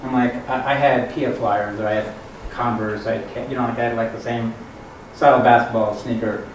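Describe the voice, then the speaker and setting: Speaking fairly quickly with fairly even intonation at a medium pitch, a middle-aged man on a conference panel tells a rambling story full of restarts and quoted dialogue. The sound is echoey and distant-miked in a conference hall, with a noisy background.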